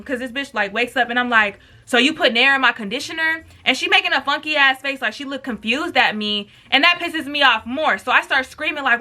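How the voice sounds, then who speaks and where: A young woman tells a wild story to her camera. She talks in a loose, slangy, swearing way and acts out the quotes. Her voice sits high, with a very bright, sharp edge. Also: a little fast, few pauses. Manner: animated, profane, slangy storytelling with acted quotes. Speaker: vlogger. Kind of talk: storytime with mukbang.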